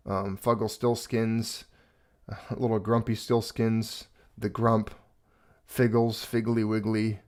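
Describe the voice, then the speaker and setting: A man hosting a casual livestream, talking in a rambling, earnest way and getting choked up at times. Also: lowish voice. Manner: rambling, earnest, emotional when speaking of a lost pet. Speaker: livestream host.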